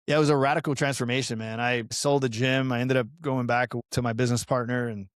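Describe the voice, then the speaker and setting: A middle-aged man from Colombia talks as a podcast guest in a medium-pitched voice. He tells his story earnestly and with animation, dropping in casual fillers. The sound is dry and close. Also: fairly even intonation, fast talker, no room sound. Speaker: podcast guest, pastoral counselor and fitness coach.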